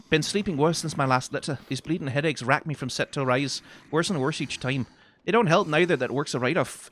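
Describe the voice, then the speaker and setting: A man's voice: medium pitch, a bit bright, close to an everyday voice. A man voicing a homesick male soldier, reading a weary, grumbling letter to his mum.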